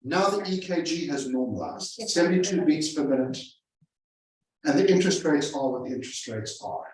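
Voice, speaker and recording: In a large, echoey room, a sales trainer's slightly high, expressive voice reaches a live audience of real estate agents from a distance. He speaks at a moderate pace, stressing his points and repeating phrases for effect.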